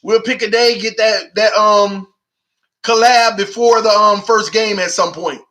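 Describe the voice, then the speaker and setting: A man hosting a fan channel, chatting to viewers in an emphatic, excitable way and leaning on "man" and "y'all" constantly. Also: sits high, a little slow. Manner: emphatic, shouts and preaches at viewers. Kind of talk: excitable fan livestream chat.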